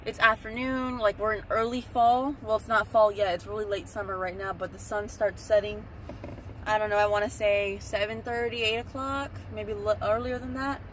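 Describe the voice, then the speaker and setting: A woman's voice: medium pitch, fairly even intonation, moderate pace, slight background noise. A young woman talking casually to viewers in a rambling storytelling vlog, recorded on a phone in a car. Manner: chatty, rambling, talks straight to viewers. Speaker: vlogger. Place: in a parked car.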